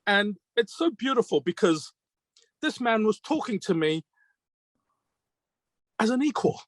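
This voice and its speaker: Being interviewed, a British magician with a fairly high voice for a man talks about his craft earnestly and reflectively, unhurried but very animated. He retells his mentors' advice as quoted dialogue of questions and answers, and the recording is close and dry with no room sound.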